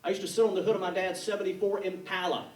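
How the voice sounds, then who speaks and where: A man from North Carolina doing a stand-up comedy set, with a quick, punchy delivery and put-on voices. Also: high-pitched, little pitch movement, darkish tone. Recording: echoey room, mic from a distance.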